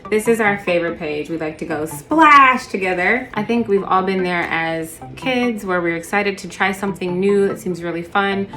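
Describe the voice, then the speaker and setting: A woman's voice: medium pitch, fairly even intonation, moderate pace, few pauses, a bit bright, faint music behind. A woman hosting a casual video, talking through children's picture books in a chatty, playful way. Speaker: host. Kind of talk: casual book review chat.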